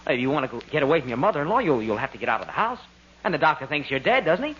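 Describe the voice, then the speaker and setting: A man's voice: a little high, sing-song, very fast, fairly bright tone. An actor playing a cheerful, scheming male ghost who talks breezily, in 1940s radio comedy acting. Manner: breezy and persuasive. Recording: dull, lo-fi old radio broadcast with faint hiss.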